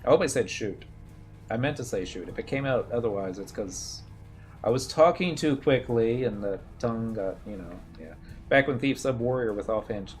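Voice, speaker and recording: A man's voice: mid-range voice, expressive, moderate pace. Rambling man streaming a game. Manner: rambling, reminiscing, self-mocking. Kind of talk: casual gameplay commentary. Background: game music.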